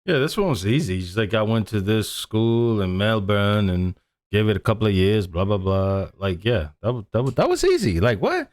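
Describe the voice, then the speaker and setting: An American man hosting a casual reaction video, animated and prone to repeating himself. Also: on the low side, normal speed. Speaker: host.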